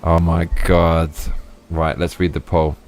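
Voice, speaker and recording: A man's voice: low voice, monotone, takes it slowly, a little mellow, soft background music. A man streaming a game live, chatting casually, swearing freely and laughing often. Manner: profane, exclamatory, laughs often.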